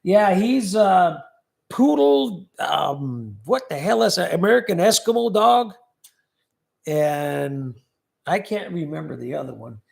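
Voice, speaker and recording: A man's voice: high voice, animated, takes it slowly, vocal fry. A man hosting a livestream, casually chatting and joking as he reads viewer comments aloud. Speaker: livestream host. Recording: echoey room.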